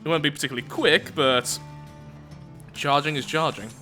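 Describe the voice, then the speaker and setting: A man's voice: fairly high pitch, normal speed, pushed and bright, soft background music. A man commenting casually on his own gameplay as he builds, thinking aloud in a chatty, self-mocking way. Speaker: let's play gameplay host.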